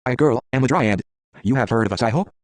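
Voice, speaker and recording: A man's voice: mid-range voice, fast talker, lightly acted. A man voicing a proud, stern female tree spirit who scolds in a haughty way.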